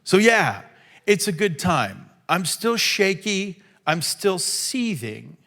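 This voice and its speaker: A man preaching a sermon in a church, acting out quotes and swinging from loud to hushed. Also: high voice, very animated, slow. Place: church hall.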